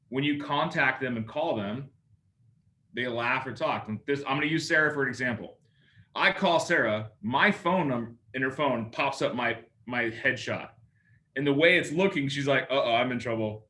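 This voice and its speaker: A man teaching a coaching class on phone calls, lively and jokey, often acting out both sides of a call. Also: mid-range voice. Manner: lively, acts out phone calls in other voices. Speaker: sales coach.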